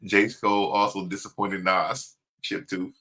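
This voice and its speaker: Laid-back low-voiced man co-host. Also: level tone, a little slow, bright, forceful tone. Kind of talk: casual chat.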